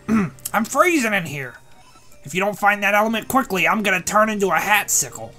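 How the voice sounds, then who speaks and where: Lady doing a bossy little talking hat, game text read aloud, soft music under it. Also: mid-range voice, animated, moderate pace. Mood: grumbling.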